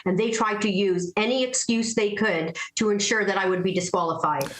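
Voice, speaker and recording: A woman's voice: medium pitch, a little fast. A woman political candidate answering interview questions in a firm, insistent, defensive way. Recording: roomy clip from a broadcast.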